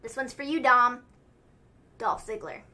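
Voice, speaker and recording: A young woman chatting casually on a livestream, high in pitch and bright in tone. She talks in a chatty, exclamation-filled way and giggles often. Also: fairly even intonation, measured pace. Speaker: co-host.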